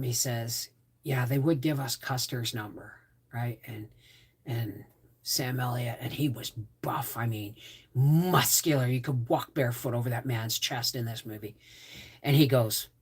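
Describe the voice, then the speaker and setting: A woman's voice: extremely low pitch, fairly even intonation, measured pace, husky. A woman hosting a casual livestream, rambling with frequent restarts and asides. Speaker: homestead channel host.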